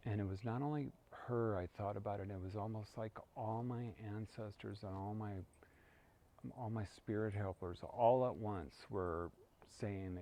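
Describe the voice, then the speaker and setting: A man leading a guided prayer practice and sharing a personal story in a calm, reflective way, chanting prayers. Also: lowish voice, slight background noise. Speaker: spiritual practice teacher.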